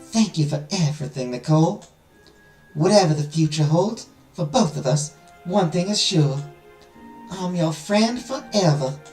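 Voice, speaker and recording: A man's voice: on the high side, animated, unhurried, a little mellow, echoey room, faint music behind, voice pushed up, poor audio. A man voicing a sweet, shy young princess with a put-on Southern accent, gushing and earnest as he reads a visual novel aloud.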